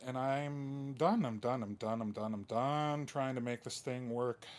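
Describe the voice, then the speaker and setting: A man in the middle range of pitch talking into a camera mic at his indoor workbench during a live vlog. He sounds weary and defeated, sighs often, and circles back to the same complaints again and again. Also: unhurried. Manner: weary, sighing, repeats himself in frustration. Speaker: guitar modding channel host.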